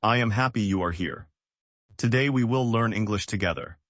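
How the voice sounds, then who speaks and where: Low-voiced guy teaching english, slow clear short sentences, dry close sound. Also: a bit bright, no room sound. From United States. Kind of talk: slow, simple language lesson.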